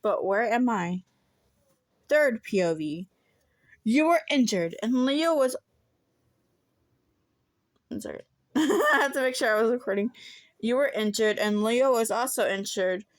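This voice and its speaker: A woman reading her fan story aloud into a phone, halting, correcting herself and adding giggling asides. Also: a little high, animated, no echo. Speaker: fan fiction reader.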